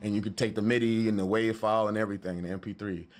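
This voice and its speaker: A man's voice: fairly low pitch, steady tone, fast talker. A man, talking loosely and joking with his stream chat from his studio. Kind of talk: casual livestream chat.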